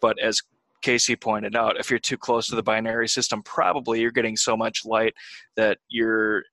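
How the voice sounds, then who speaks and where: Bright-toned man explaining patiently. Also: lowish voice, little pitch movement, dry recording, low-quality recording. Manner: measured, explanatory. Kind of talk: casual group chat.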